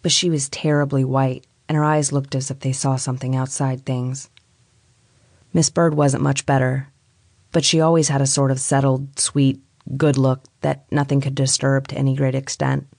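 A woman's voice: a bass voice, level tone, moderate pace, a little mellow, dry recording, studio quality. A woman reading a story aloud, telling it steadily in the first person. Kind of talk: storytelling narration.

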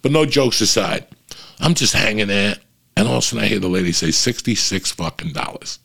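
A man's voice: on the low side, animated, fast talker, vocal fry, a bit bright, breathy edge. A man telling a story in an exasperated, profane rant, swearing constantly and acting out what he and others said. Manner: storytelling with quoted asides. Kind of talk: profane ranting monologue.

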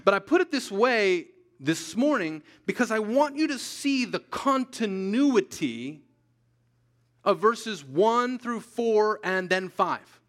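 A man preaching a sermon as pastor, emphatic, repeating key lines slowly for weight. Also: high voice, big pitch swings, fairly bright tone. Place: church sanctuary.

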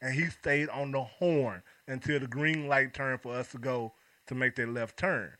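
Bright-toned man, dry close sound. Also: mid-range voice, moderate pace, no echo. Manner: relaxed storytelling, laughs through anecdotes. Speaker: podcast co-host. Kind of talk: casual chat.

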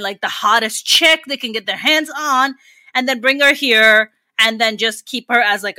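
A woman's voice: on the high side, pushed and bright, no echo. A woman co-hosting a casual chat, telling stories bluntly with crude jokes and mimicked voices.

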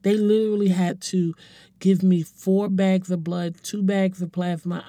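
Forties speaker for an emotional personal testimony: earnest, halting delivery, warm timbre, no room echo. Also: mid-range voice, little pitch movement. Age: 40s. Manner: earnest, halting, repeats words while searching for them. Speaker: speaker sharing a personal story.

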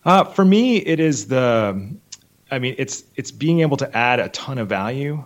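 A man, a software company CEO, talking casually as an interview guest, rambling with many fillers. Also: medium pitch, sing-song, moderate pace, highs cut off.

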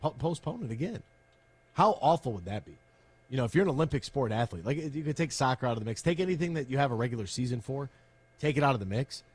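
A man's voice: medium pitch, animated, a little mellow, husky. A man co-hosting a sports talk show, riffing in an opinionated, joking way. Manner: opinionated, joking, rapid-fire riffs. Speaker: sports radio co-host.

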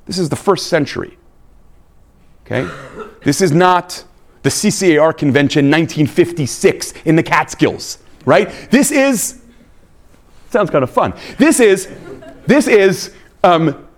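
A man, a rabbi giving a live lecture, emphatic and animated, checking in with his listeners with frequent "right?" and "okay?". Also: fairly high pitch, a little slow, long pauses.

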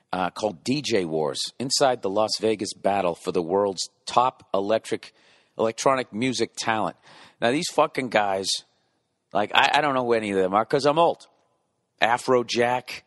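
A man's voice: lowish voice, a bit bright, no echo, clean studio sound. A man in his forties doing a rambling, profane comedic monologue, often interrupting and correcting himself. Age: 40s.

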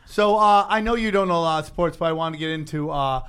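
A man co-hosting a loose, profane podcast chat. His voice sits on the higher side, and he tells stories crudely, acting out what other people said. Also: fast, fairly bright tone, clear, resonant tone. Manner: crude, storytelling, acts out quotes. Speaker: podcast co-host. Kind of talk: casual chat.

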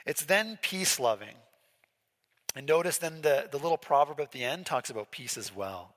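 A man's voice: on the high side, lively intonation, moderate pace, fairly bright tone. A man preaching a sermon as pastor, in a chatty way, often asking his listeners questions. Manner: conversational, asks the congregation questions. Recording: echoey hall with long reverb.

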